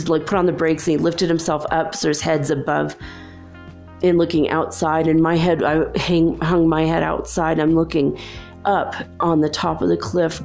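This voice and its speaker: A woman's voice: low-pitched, vocal fry, a little mellow. A woman telling a personal story in a rambling, earnest way, with many asides.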